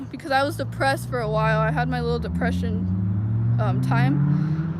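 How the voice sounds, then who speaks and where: A woman's voice: on the high side, big pitch swings, moderate pace. A woman vlogger telling a personal story to her viewers in a rambling, casual way, full of "like" fillers. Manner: rambling, heavy use of "like" fillers. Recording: noisy outdoor street recording.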